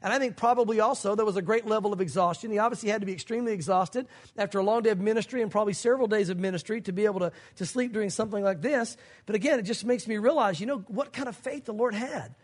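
High, husky-voiced pastor preaching animatedly. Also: male voice, rapid-fire, hardly any pauses. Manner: animated storyteller, acts out scenes in shouts and hushed tones. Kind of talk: sermon.

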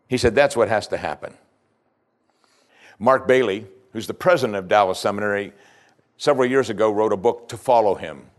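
Man preaching a conversational sermon. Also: fairly low pitch. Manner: conversational preaching, paraphrasing scripture in plain speech. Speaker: pastor.

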